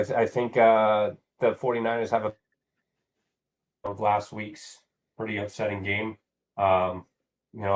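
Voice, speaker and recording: A man co-hosting a casual sports talk show, halting through fillers as he reads team stats. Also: lowish voice, poor audio. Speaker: show co-host.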